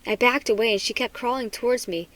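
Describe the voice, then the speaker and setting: Expressive woman reading a children's book. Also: fairly high pitch, quick pace, dry recording, poor audio. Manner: expressive, dramatic. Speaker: storybook reader.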